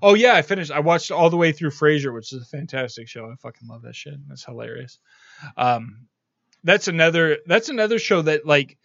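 A man hosting a podcast, talking in a rambling way and cursing often. His voice sits a little high for a man. The recording is dry and dull. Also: lively intonation, fairly quick, vocal fry, fairly bright tone, dry recording. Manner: rambling, profane, lots of fillers. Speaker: podcast host. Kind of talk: casual podcast chat.

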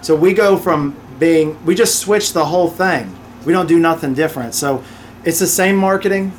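A man, a guest on an interview podcast, telling stories in a casual, animated way and quickly acting out the voices of the people he deals with. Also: fairly high pitch, slight background noise. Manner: animated, acts out customers' voices in quick asides. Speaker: podcast guest, real estate investor and author.

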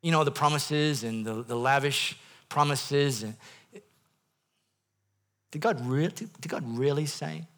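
A man preaching a sermon in a church, swinging from hushed passages to loud bursts and repeating phrases for emphasis. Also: a little high, a little slow, long pauses. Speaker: pastor.

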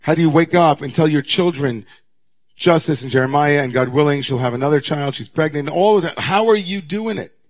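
A man, a rabbi, preaching a sermon to his congregation, moving from hushed near-whispers to raised, intense passages. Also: a little high, a little fast. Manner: dramatic, swings from hushed to raised voice.

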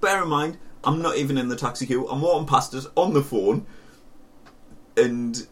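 Young Sunderland podcast co-host, storyteller, mid-pitch voice, sits a bit back from the mic. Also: male voice, normal speed, far from the mic. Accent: Northern English (Sunderland). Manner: animated storytelling, swearing, laughing. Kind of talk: casual chat.

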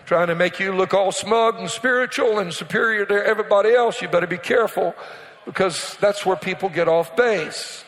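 A man preaching a sermon as pastor, talking directly to his congregation, urging them to turn to their neighbor and answering his own questions. He builds to emphatic, nearly shouted peaks. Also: high-pitched, moderate pace. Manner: preaching with call-and-response asides to the congregation. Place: church sanctuary. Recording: reverberant church hall.

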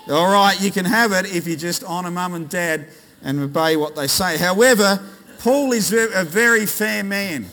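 Australian male pastor, bright high voice, playful with the congregation, sermon in a long-echo hall. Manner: jokey, quizzes the congregation. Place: large church hall. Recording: reverberant church hall.

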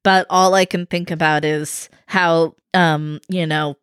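A woman's voice: sits low, fairly even intonation, slow pace, smooth, no room sound. Chatty woman with a dry, close sound. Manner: rambling, swears, laughs often. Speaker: podcast host. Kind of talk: casual chat.

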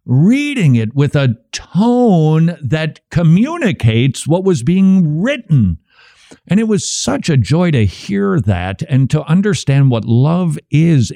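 Middle-aged guy hosting, wry and jokey, warm voice, dry close sound. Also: fairly high pitch, dry recording. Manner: wry, joking, animated. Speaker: radio host. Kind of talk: casual commentary on church signs and sermons.

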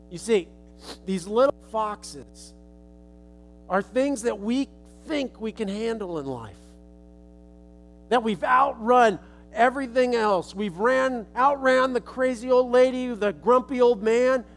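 Male preacher, high-pitched, folksy storytelling sermon, faint instrument music behind. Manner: casual, folksy retelling.

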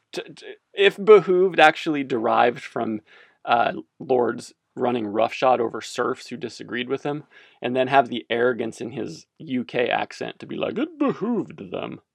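A man's voice: mid-range voice, gravelly, no room sound, clean studio sound. A man giving casual religious commentary as a podcast host, rambling and self-amused, wandering off on tangents.

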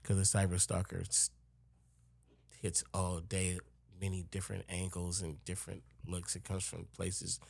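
Laid-back man rambling in a low voice. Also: completely flat delivery, moderate pace, vocal fry, a little mellow, dry recording. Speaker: guest rapper. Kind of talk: casual chat.

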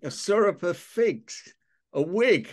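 A man's voice: sits high, animated, slow. An older man from London with a Cockney accent, hosting a casual online chat and quizzing his audience on slang in a playful, chatty way. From London, England. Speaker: host of an online talk session.

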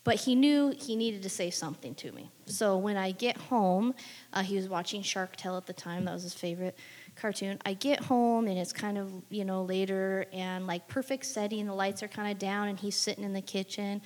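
Brief: woman, middle pitch, wry and matter-of-fact, reverberant room. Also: steady tone, normal speed, a little mellow. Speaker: parent sharing a story. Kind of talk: casual storytelling.

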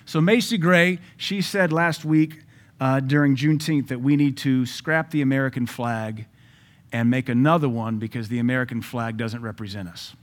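A man preaching a sermon in an emphatic, conversational way, with asides to his listeners and sudden loud rises. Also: mid-range voice, moderate pace. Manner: jokes and asides to the audience.

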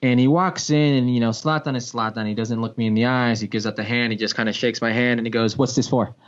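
A man, a sports broadcaster and former pro soccer player, telling a story in a casual podcast chat, with big pitch swings and frequent restarts. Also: fairly even intonation, quick pace. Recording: dull lo-fi podcast audio.

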